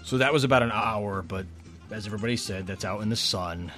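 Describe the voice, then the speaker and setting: A man's voice: lowish voice, quick pace, pushed and bright, faint music behind. A man co-hosting a podcast, telling a trip story in a chatty, rambling way, often restarting his sentences. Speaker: podcast co-host.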